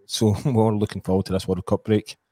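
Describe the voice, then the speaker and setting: A man's voice: on the low side, flat delivery, brisk, dark tone, no echo, studio quality. A Scottish man hosting a casual football podcast, chatty and full of asides. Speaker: podcast host.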